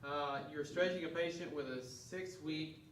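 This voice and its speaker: In an echoey classroom with the mic far away, a male instructor reviews test questions. His voice sits on the high side at a measured pace, with slight background noise, and he is earnest, often restarting his words.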